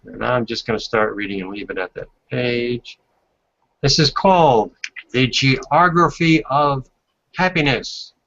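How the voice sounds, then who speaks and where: A man's voice: medium pitch, a bit bright. A man hosting a casual video call, reading aloud from a report and adding asides. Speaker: host. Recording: dull lo-fi video call audio.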